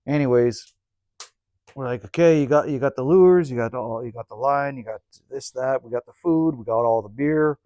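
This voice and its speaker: A man's voice: medium pitch, normal speed, dry recording, lo-fi sound. A man casually telling a story by a woodstove, laid-back and cursing freely, close to the mic. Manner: laid-back, swears freely, animated when retelling. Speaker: cabin vlogger.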